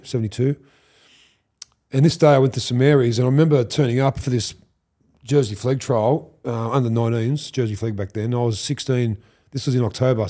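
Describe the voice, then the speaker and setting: An Australian man in his fifties, a podcast guest, telling animated stories, swearing freely and acting out what others said. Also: mid-range voice. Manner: animated, swears, acts out quoted lines. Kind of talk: storytelling interview.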